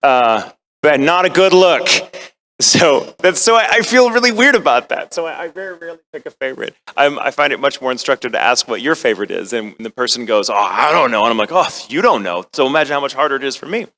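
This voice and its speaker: A middle-aged American man with a bright, forward voice talks to a convention crowd about acting. He rambles, makes fun of himself and slips into playful quoted asides. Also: medium pitch, expressive, fast talker. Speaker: voice actor at a convention panel. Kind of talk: casual panel talk to fans.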